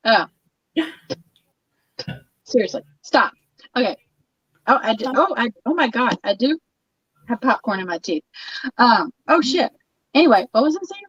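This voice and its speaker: A woman's voice: a little high, big pitch swings, a little slow, pauses often, a bit bright, breathy edge, dry recording, highs cut off, exaggerated voice. A woman playing a brash, boozy male show-off. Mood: boastful. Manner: brash, rambling, crude, loses her train of thought. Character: boastful, boozy male show-off, cigar and wine. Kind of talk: live-stream comedy parody.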